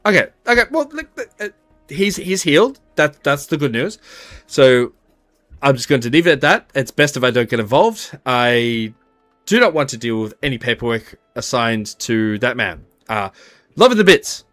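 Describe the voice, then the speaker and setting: A man's voice: mid-range voice, sing-song, moderate pace, a bit bright, no room sound, faint music behind. A man voicing a nervous male guard who dreads paperwork, stammering and repeating himself. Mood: flustered. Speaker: game master.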